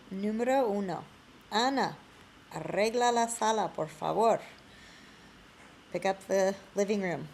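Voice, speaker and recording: A woman teaching a Spanish lesson in a screencast, explaining slowly. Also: on the low side, vocal fry, mellow, slight background noise.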